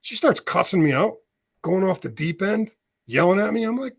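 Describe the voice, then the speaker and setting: An older man in his sixties from the United States tells his story on a podcast, bringing the dialogue to life as he speaks. His voice sits a little high for a man. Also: normal speed, creaky, breathy edge. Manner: animated storyteller, acts out dialogue. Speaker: podcast guest, author and veteran.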